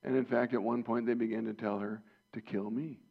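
A man's voice: mid-range voice, level tone, fairly quick, vocal fry. A man preaching a sermon as pastor, earnest and personal, rising to impassioned emphasis. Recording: dull lo-fi sound.

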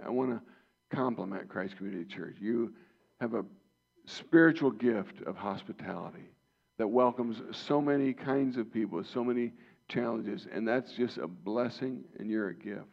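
A man's voice: medium pitch, unhurried, vocal fry. A man preaching a sermon as pastor, earnest and personal, rising to impassioned emphasis. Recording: dull lo-fi sound.

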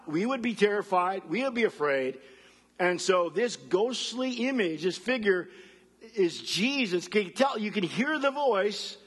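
A man giving a sermon as a pastor, animated, acting out voices of the people he quotes. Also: high voice, slightly rough, long reverb tail.

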